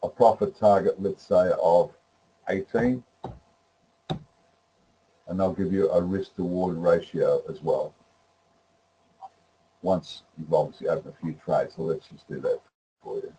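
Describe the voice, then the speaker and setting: A man presenting a webinar that walks through trading software, rambling with many fillers and restarts. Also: sits low, fairly even intonation, a little slow, long pauses, slight background noise, rough recording. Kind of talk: live webinar demonstration.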